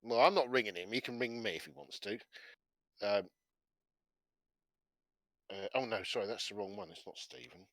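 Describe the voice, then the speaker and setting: A man chatting on a gaming podcast, telling stories in an animated way, swearing and laughing as he goes. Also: lowish voice, normal speed, pauses often, dry recording. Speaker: podcast co-host. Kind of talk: casual chat, storytelling.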